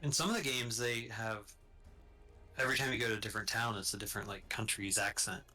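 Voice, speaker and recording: Bright-toned, hesitant man. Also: fairly low pitch, steady tone, fast, soft background music. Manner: hesitant, self-correcting. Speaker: co-player on a stream. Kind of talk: casual chat.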